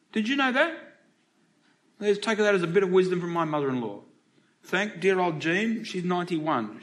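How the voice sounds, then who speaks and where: A middle-aged man with an Australian accent preaches in church, his voice sitting a little high for a man. He keeps it conversational, throwing questions out to the congregation as he goes. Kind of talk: sermon.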